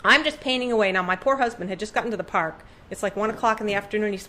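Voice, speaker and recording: Middle-aged woman telling a lively story. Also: rapid-fire. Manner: animated, acts out quoted voices with big pitch jumps. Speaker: podcast guest, artist. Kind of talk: storytelling in conversation. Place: room with her paintings on the walls.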